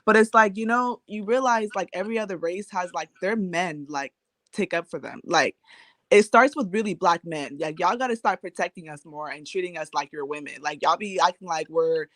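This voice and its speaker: A woman's voice: on the low side, moderate pace, no echo. A woman calling into a live group chat on her phone, fired up, stringing thoughts together with "like". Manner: fired up, talks in run-on "like" phrases. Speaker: caller. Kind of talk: casual chat.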